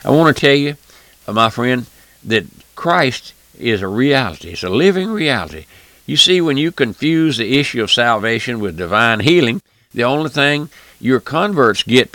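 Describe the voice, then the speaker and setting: A man's voice: medium pitch, big pitch swings, normal speed, bright, forceful tone, no echo. A man preaching a radio sermon, fervent and emphatic, repeating phrases and addressing listeners directly.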